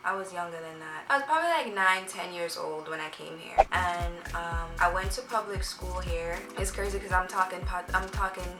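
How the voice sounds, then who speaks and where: A woman's voice: on the low side, moderate pace, hardly any pauses, recorded from a distance. A young woman with a polished Jamaican accent chats her way through a makeup storytime, wandering between thoughts and correcting herself as she goes. She sits well back from the mic in an echoey room, and music plays under her voice. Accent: Jamaican, prep-school polished. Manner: chatty and rambling, with frequent fillers and self-corrections. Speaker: beauty vlogger. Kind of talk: get-ready-with-me storytime chat.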